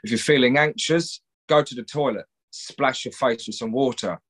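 A man talks as a podcast guest, frank and rambling, dropping swear words as he goes. His voice sits in an ordinary middle pitch, and he works through his points in a loose, conversational way. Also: normal speed, fairly bright tone, breathy edge. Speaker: guest, mental health counsellor.

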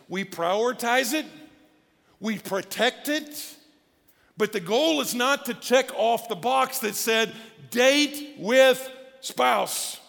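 Pastor guy preaching casual and animated, kinda high voice, big church reverb. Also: gravelly. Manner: conversational, animated preaching with asides. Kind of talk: sermon. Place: church auditorium. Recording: long church hall reverb with faint music.

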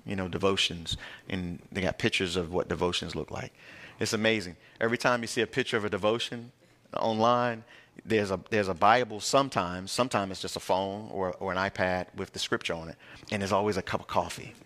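A man with a somewhat low voice preaches a verse-by-verse Bible study. He talks to the congregation in a conversational, emphatic way, in plain everyday words. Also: fairly even intonation, fairly quick, fairly bright tone. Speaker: pastor. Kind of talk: verse-by-verse Bible teaching sermon.

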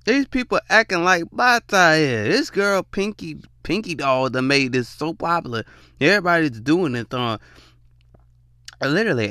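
A man giving casual reaction commentary to viewers, animated and often laughing. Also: on the high side, no echo, studio quality.

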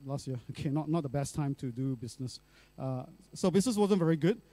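A man's voice: medium pitch, expressive, brisk, warm tone, no room sound. A middle-aged male pastor, telling a personal story in a sermon in a chatty way, full of fillers and tag questions.

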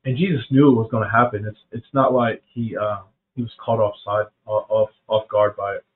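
A man's voice: fairly low pitch, fairly even intonation, brisk. A middle-aged man from South Carolina hosting a faith podcast, talking casually and earnestly, often saying "man" and restarting his sentences. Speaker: podcast host. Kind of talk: reflective faith talk. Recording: phone-like narrow band.

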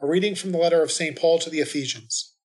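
Man, lector, liturgical scripture reading, measured, steady, fairly high voice.

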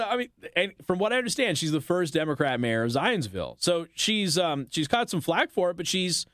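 Fired-up radio talk guy, kinda high voice, sarcastic rant, dry studio sound. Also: a bit bright, no room sound. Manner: indignant, sarcastic, emphatic. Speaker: radio talk show host. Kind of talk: opinionated talk radio monologue.

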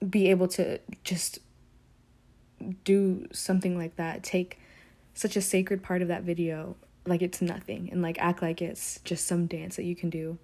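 A woman's voice: lowish voice, little pitch movement, unhurried, darkish tone. A young woman giving a casual, rambling monologue, frustrated and full of fillers and restarts. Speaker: commentator.

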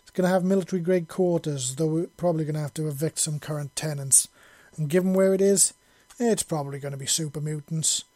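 A man's voice: a little high, quick pace, dark tone, no room sound, lightly acted. A man voicing an armored soldier leading his squad in a decisive, matter-of-fact way.

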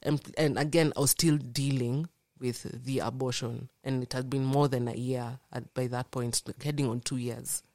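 A young woman tells her story as a podcast guest, earnest and animated, acting out the voices she quotes. Her voice sits low, and the recording is dry and close. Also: moderate pace, few pauses, no echo. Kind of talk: personal storytelling in a podcast conversation.

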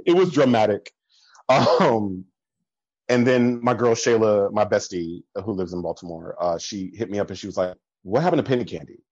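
A man chatting casually as a podcast guest, telling stories full of fillers, laughing often and jumping higher in pitch when he quotes people. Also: a little slow, long pauses, dry recording, lo-fi sound. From American Midwest. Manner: animated storyteller, swings up in pitch when quoting people. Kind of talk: casual chat.

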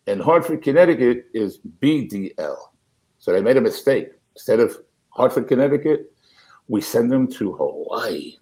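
Middle-aged male comedian guest, lively storyteller with a swinging, expressive pitch. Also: normal speed, poor audio. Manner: animated, acts out quotes. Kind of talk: storytelling anecdote.

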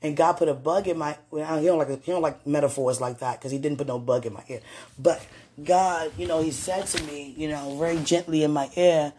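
A deep, slightly fast female voice carries a faint hiss or hum in this clip. The podcast host is casually telling her partner a personal story, bringing quoted voices to life with animation and speaking frequently of God and the Holy Spirit.

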